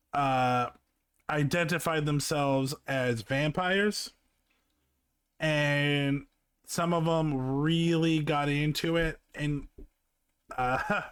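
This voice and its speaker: A man's voice: on the high side, fairly bright tone, clear, resonant tone, dry recording. A man streaming live, chatting casually over a video with candid, profane asides and many fillers. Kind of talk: casual chat.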